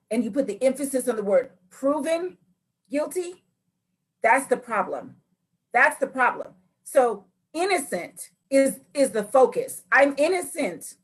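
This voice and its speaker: A woman hosting a Bible study, teaching with lively storytelling and acted-out voices. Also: a little high, husky. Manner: acts out scripture figures with lively voices.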